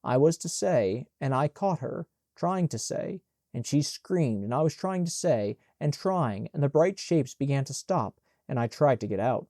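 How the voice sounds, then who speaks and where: A man reading an audiobook in a measured, plain narration on a close mic. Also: medium pitch, expressive, mellow, dry recording.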